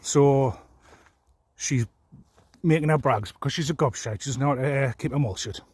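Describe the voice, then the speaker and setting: A man delivers a long, rambling vlog rant, swearing freely and sounding deeply aggrieved. His voice sits in an ordinary middle pitch and has a husky, rough edge. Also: normal speed, a little mellow. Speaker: vlogger. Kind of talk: angry personal rant.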